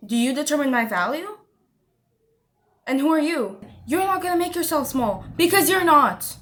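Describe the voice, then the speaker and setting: A woman's voice: high-pitched, very animated, normal speed, pauses often, a bit bright. A woman vlogger giving an emphatic motivational pep talk to camera, repeating her points and calling the listener honey.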